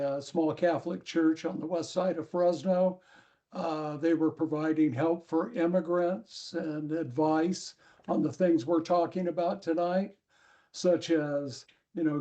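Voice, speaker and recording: A male columnist on a panel telling a story in a halting way, with many pauses. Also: on the high side, steady tone, mellow. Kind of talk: panel discussion. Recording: dull lo-fi sound.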